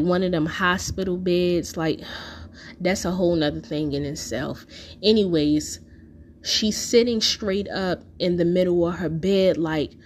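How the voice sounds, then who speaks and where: A woman's voice: lowish voice, slight background noise. A woman telling a personal story in a casual, profane monologue full of fillers.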